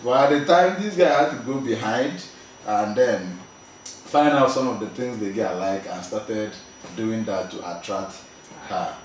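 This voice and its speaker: A man's voice: on the low side, unhurried. A man with a Nigerian accent, a movie director as a guest, animatedly telling a story in casual conversation and laughing easily. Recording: echoey room, mic at a distance, background noise.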